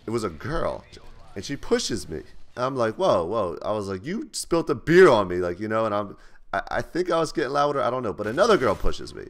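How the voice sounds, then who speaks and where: Deep-voiced young man telling rambling stories. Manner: rambling, loose and profane, with many restarts. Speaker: vlogger. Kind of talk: casual storytelling to camera.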